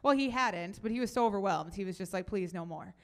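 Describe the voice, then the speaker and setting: A young woman giving a talk at a youth event, telling stories in a chatty, animated way and taking audience questions. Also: mid-range voice, fast talker. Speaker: speaker.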